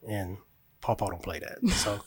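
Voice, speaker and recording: This guest, a father in mourning, chats casually and tells reflective stories about raising his young son, speaking with real earnestness. His voice is on the low side with a breathy edge, moving at a normal speed, and there's no echo.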